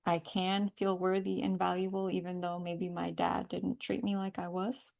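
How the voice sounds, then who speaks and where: A woman leading a guided energy-healing call, calmly repeating affirmations and breathing cues. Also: fairly low pitch, normal speed, vocal fry. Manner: calm, repetitive guiding with breathing cues. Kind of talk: guided tapping and affirmation session.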